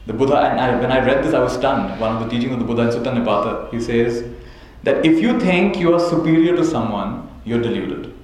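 A man's voice: medium pitch, a little fast, few pauses, a little mellow. A man teaching a live audience as a spiritual teacher, telling stories, chuckling often and checking in with "right?". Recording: very echoey hall, faint noise.

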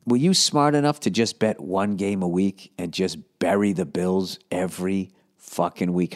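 A man's voice: lowish voice, a little mellow. A man hosting a casual advice podcast, talking in a blunt, profane, rambling way. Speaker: podcast host answering listener questions.

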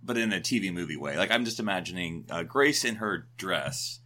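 Chatty deep-voiced man. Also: animated, brisk, pushed and bright. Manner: rambling, self-correcting, chatty. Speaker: podcast co-host. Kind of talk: casual chat.

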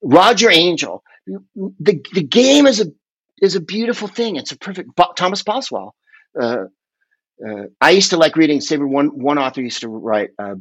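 A man's voice: on the high side, big pitch swings, moderate pace, slightly rough, no room sound, highs cut off. A man from the Bay Area chatting as a podcast guest, rambling and emphatic, swearing freely. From San Francisco Bay Area. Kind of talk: casual conversational storytelling.

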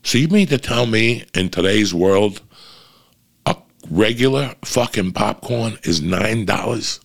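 A man's voice: mid-range voice, creaky, fairly bright tone. A man telling a story in an exasperated, profane rant, swearing constantly and acting out what he and others said. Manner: storytelling with quoted asides. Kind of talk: profane ranting monologue.

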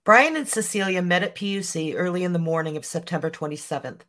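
A podcast host reading a scripted true-crime story in an even, measured way. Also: mid-range voice.

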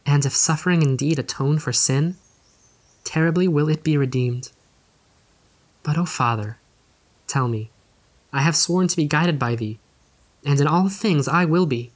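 Anguished young noblewoman, male reader - earnest, pleading, slightly higher. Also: a little slow, long pauses. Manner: earnest, pleading period diction. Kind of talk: audiobook reading.

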